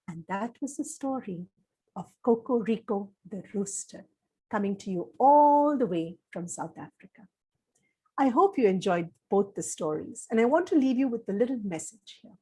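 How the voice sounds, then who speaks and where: A woman with a high, bright voice tells a children's story live. She is animated and expressive, asking her listeners questions and pausing for effect. Her delivery is warm in tempo and playful in tone. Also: slightly rough. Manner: animated, addresses listeners directly, dramatic pauses.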